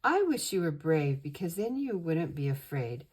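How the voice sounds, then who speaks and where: A woman's voice: sits low, big pitch swings, normal speed, slightly rough, full character voice. An older woman voicing an eager little girl heroine in a storybook. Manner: eager, bright and bubbly.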